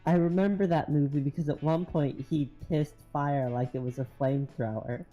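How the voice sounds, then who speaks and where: A co-host in casual chat over an online call, tossing in quick, loose remarks with fillers. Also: mid-range voice, fairly even intonation, soft background music. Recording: dull lo-fi call audio.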